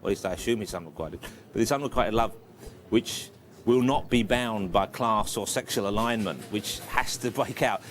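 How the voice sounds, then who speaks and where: A man's voice: fairly low pitch, normal speed, fairly bright tone. A man musing and searching for words in a documentary interview.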